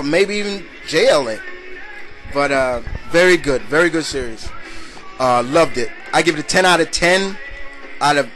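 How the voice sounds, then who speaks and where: A young man chats loosely as the host of his own video blog, answering viewer questions. He rambles with fillers and restarts in a slightly high voice. Faint music plays behind him. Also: fairly bright tone. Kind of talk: casual rambling chat.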